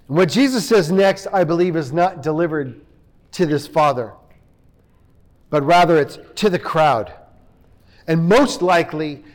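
A man preaching a sermon, retelling a story and acting out the dialogue, often repeating words as he goes. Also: sits high. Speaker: pastor.

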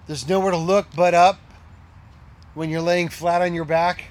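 High-voiced middle-aged man preaching. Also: fairly even intonation, normal speed. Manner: emphatic, repeats key lines, drops to a hush for quoted words. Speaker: pastor. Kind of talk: sermon.

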